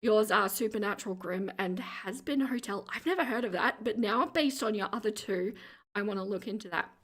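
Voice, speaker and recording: An Australian woman hosting a livestream, chatting casually as she reads viewer comments aloud, with vocal fry in her lower register and frequent laughter. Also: fairly quick, a bit bright. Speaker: livestream host.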